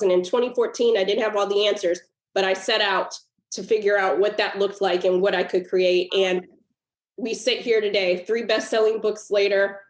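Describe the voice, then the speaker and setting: Woman guest, mid-pitched, pouring out an emotional personal story; echoey room. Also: steady tone, normal speed. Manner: earnest and emotional, with laughs breaking into the telling. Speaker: guest author. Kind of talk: personal storytelling in a podcast interview. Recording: roomy echo.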